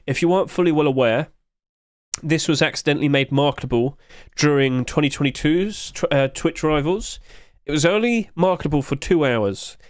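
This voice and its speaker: A man's voice: a little high, normal speed, dry recording, studio quality. A male streamer chatting casually with his live chat, joking, answering questions and laughing often.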